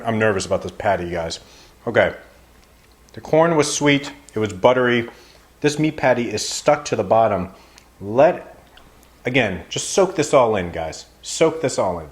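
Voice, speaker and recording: A man hosting a casual frozen food review to camera, wry and playfully exasperated, often calling his viewers "guys.". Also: medium pitch.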